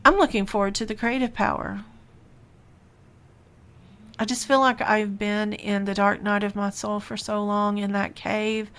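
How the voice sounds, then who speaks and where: A woman hosting a reflective spiritual podcast, talking in an unhurried, musing way with sighs and soft laughs. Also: medium pitch, little pitch movement. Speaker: podcast host and spiritual teacher.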